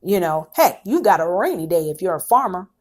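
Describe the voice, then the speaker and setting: Woman host, lower register, motivational talk, repeats her points like a sermon. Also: big pitch swings, a little fast, a little mellow. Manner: encouraging, repetitive, preachy. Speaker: podcast host.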